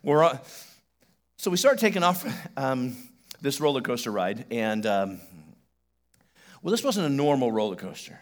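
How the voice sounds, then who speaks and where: A middle-aged man preaching a sermon on a church stage, telling stories animatedly and swinging between loud bursts and hushed asides. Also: medium pitch, big pitch swings, moderate pace. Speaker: pastor. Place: church stage before a congregation.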